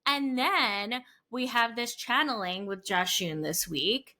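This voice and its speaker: A woman's voice: on the high side, slow, bright, forceful tone. A woman co-hosting a podcast in casual chat, chatty and full of fillers. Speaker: podcast co-host.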